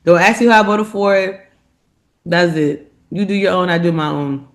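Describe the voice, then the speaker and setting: A woman co-hosting a podcast in casual chat, an animated storyteller who acts out loud quotes of her father. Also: fairly low pitch, normal speed. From immigrant family, not from this country. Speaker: podcast co-host.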